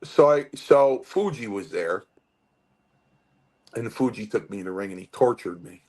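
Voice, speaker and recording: A man's voice: lowish voice, unhurried, a little hiss or hum. A man in his late fifties, a retired wrestler, telling long stories as an interview guest, full of restarts and acted-out quotes. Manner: animated storyteller with many restarts and acted-out quotes. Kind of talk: storytelling interview.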